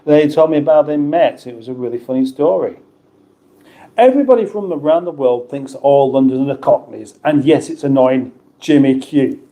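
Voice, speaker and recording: Warm and medium-pitched, this middle-aged man from the UK chats at a moderate pace while hosting a relaxed livestream. He reads out viewer comments, restarting often and trading banter as he goes.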